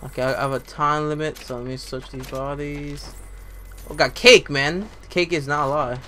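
A young man giving casual, excitable gameplay commentary, swearing and talking to himself as he plays. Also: a little high, moderate pace, slight background noise. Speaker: let's play gamer.

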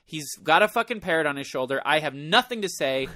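A man co-hosting a podcast, telling a story in casual chat, animated and profane, acting out his own panicked thoughts. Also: on the high side, a little fast, dry recording, studio quality. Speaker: podcast co-host.

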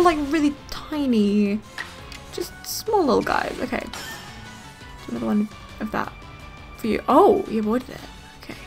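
A young woman giving excitable, gasp-filled commentary while playing a video game and thinking aloud. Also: on the high side. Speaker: gaming let's player. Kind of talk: casual gameplay commentary. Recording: faint game music behind.

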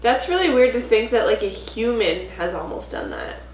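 A woman's voice: on the high side, big pitch swings, moderate pace, roomy sound, rough recording. Chatty young woman on a couch. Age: young adult. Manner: chatty, laughing, many fillers. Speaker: vlog co-host, athlete. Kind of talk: casual couch chat. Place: home living room couch.

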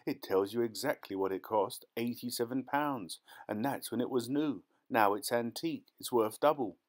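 Gruff greedy farmer, as a man puts him on. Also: mid-range voice, normal speed, close to an everyday voice. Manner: gruff and blunt. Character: blunt, greedy male farmer.

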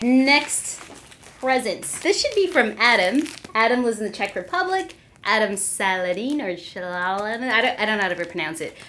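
A young woman in a casual unboxing vlog, excitable and gushing, squealing and gasping as she opens gifts. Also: medium pitch, a little hiss or hum.

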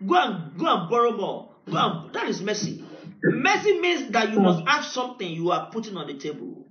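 A man with a Nigerian accent preaching a sermon as pastor, telling a story and building to shouted decrees. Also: high voice, very animated, moderate pace. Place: church hall. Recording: echoey, dull church recording.

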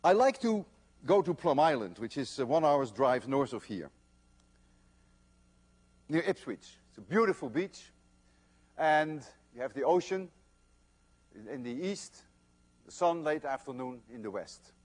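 An older man giving a university physics lecture, telling stories in an animated, emphatic way. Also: mid-range voice, measured pace, pauses often. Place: lecture hall.

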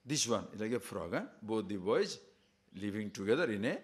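Animated man giving a spiritual talk. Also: on the low side, a little fast. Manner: animated storyteller, checks in with listeners. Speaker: spiritual teacher. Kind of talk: spiritual discourse with storytelling.

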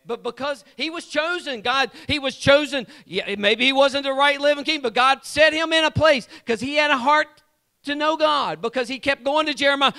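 A man's voice: extremely high pitch, moderate pace, pushed and bright. A man preaching a sermon in a church, fervent and repetitive, calling out to members of the congregation by name. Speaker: lay preacher and church guitar player. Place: church sanctuary.

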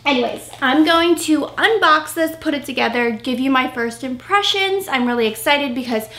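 A woman's voice: high-pitched, animated, moderate pace, a bit bright. A young woman, pregnant and a little out of breath, chatting casually through an unboxing video at home, with an upbeat manner and plenty of fillers. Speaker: vlogger. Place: home room, indoors. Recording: roomy echo, faint noise.

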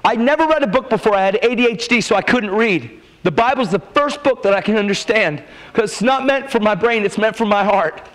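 A man preaching a testimony sermon at a church revival, telling his story with emphatic, animated delivery and quoted dialogue. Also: high-pitched, brisk, few pauses, poor audio.

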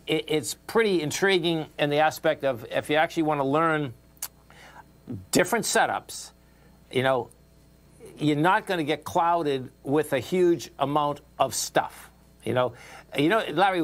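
Male radio host, Boston accent, a touch high-voiced, excitable, repetitive. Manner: excitable, repeats himself, talks straight to listeners. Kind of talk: financial radio talk.

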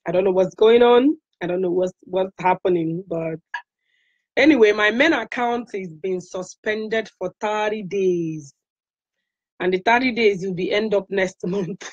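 A woman's voice: medium pitch, moderate pace, darkish tone, slightly rough, no echo, lo-fi sound. A Nigerian woman making an emotional, repetitive direct-to-camera appeal, mixing English with Igbo phrases. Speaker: online activist vlogger.

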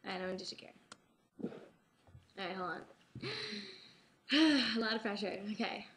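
A woman's voice: medium pitch, unhurried, fairly bright tone. A young woman chatting playfully and giggling as she sets up impressions for friends. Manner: playful, giggly, breaks into song. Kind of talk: casual impressions among friends.

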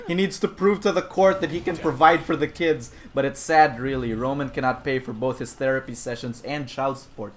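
A man giving loud, excitable commentary over his own gameplay, laughing and shouting often. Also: medium pitch, a little fast, few pauses. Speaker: gaming streamer.

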